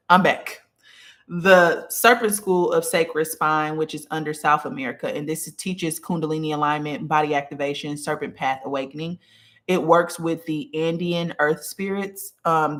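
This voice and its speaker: In a small room scented with incense and lit by a burning candle, a spiritual teacher hosts a live stream, working casually from notes. The mid-range voice has a fairly bright tone, and the lesson is dotted with "okay?" and greetings to viewers as they arrive.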